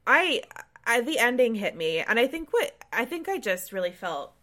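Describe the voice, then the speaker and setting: A woman co-hosting a casual film podcast, her voice swinging widely in pitch as she talks. She sounds bright and animated, swears freely and laughs often. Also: normal speed. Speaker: podcast co-host.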